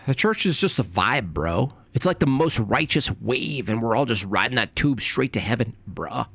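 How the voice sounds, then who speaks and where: A man's voice: medium pitch, animated, normal speed, creaky, fairly bright tone, breathy edge, dry recording, exaggerated voice. A man voicing a laid-back young surfer dude who drawls in stoner slang. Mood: mellow.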